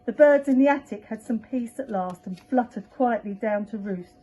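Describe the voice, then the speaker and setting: Expressive woman reading a storybook aloud. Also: a little high, normal speed. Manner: expressive, acting out animal and household sounds. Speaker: teacher reading to children. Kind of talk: reading a picture book aloud. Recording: dull lo-fi recording.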